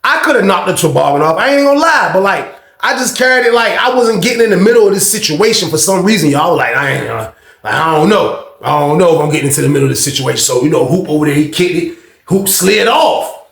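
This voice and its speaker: Gravelly high-voiced man. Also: fast, roomy sound. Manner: animated, slang-heavy, swears freely. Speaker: storyteller. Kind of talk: casual storytime.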